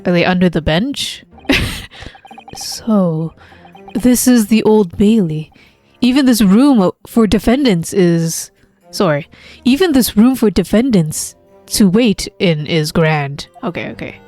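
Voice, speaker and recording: A woman's voice: medium pitch, lively intonation, slow pace, warm tone, soft background music. A woman streamer chatting casually while playing, giggly and rambling. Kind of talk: casual game-stream chat.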